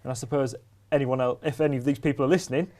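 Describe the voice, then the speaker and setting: A man co-presenting local news in a casual studio chat, pausing often with ums and restarts. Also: mid-range voice, steady tone, dark tone. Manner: hesitant, lots of ums and restarts.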